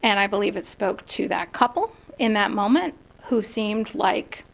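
Woman speaking reflectively, slight gravel. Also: mid-range voice, expressive, unhurried. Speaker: clergy candidate.

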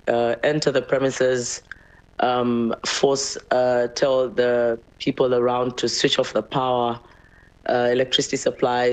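A hesitant woman speaking in a flat, slow, measured way, pausing often between fillers. She answers an interviewer's questions as a company's managing director. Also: very deep voice, low-quality recording.

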